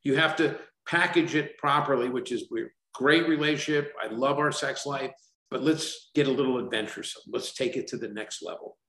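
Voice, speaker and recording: A man in his sixties, a company founder chatting in an interview, telling stories lively and acting out the voices of people he quotes. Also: mid-range voice, moderate pace, roomy sound, poor audio. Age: 60s. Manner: animated storyteller, acts out quoted dialogue. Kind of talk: casual interview talk.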